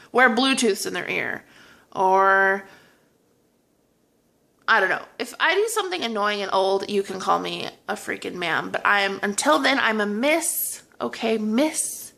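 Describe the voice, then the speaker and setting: A woman's voice: medium pitch, vocal fry. A tired woman ranting exasperatedly in a casual vlog monologue. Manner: animated, exasperated. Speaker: vlogger.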